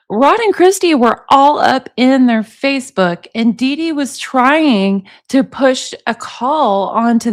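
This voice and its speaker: A woman in her forties with a lilt, talking through a true-crime book for her channel. Her voice sits slightly high and the recording is dry and close. She keeps turning to her listeners with "what do y'all think.". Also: no echo. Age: 40s. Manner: chatty, asks viewers for opinions. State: allergies. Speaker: commentary channel host. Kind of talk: casual true-crime commentary, reading book excerpts.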